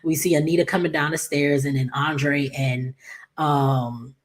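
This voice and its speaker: A woman casually recapping a soap opera episode in a chatty, animated way, with lots of fillers. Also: sits low, a little slow.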